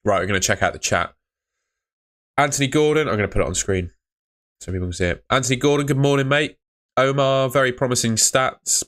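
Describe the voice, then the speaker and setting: A laid-back young man talks in a low voice. He sounds chatty and easygoing as he reads viewer messages aloud during a live stream. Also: a bit bright. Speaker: fantasy football streamer. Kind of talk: casual live-stream chat reading comments.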